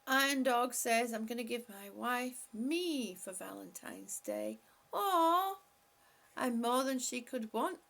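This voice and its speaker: Slow, gravelly-voiced woman chatting on a live stream. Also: fairly high pitch, expressive, fairly bright tone. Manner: chatty, laughs often, reads comments aloud. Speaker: vlogger reading live chat. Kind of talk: casual live-stream chat.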